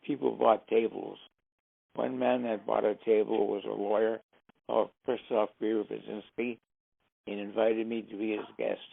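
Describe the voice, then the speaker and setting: Gravelly older man telling stories. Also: lowish voice, moderate pace, no echo. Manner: lively storyteller who acts out the dialogue. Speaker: interview guest. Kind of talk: anecdotal storytelling. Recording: tinny, phone-like, dry sound.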